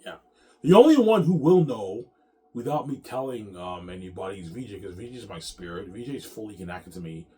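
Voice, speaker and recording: This vlogger's lowish, slightly mellow voice is very animated and fairly fast. Addressing viewers directly, he delivers a long, wandering monologue full of profanity and repetition, often ending lines on "man" or "yeah."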